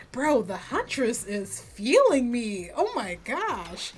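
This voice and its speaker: A woman gaming streamer chats playfully as she plays, tossing out quick jokes and laughing often. Her voice sits a bit high. Faint game music runs quietly underneath. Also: sing-song. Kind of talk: let's-play commentary.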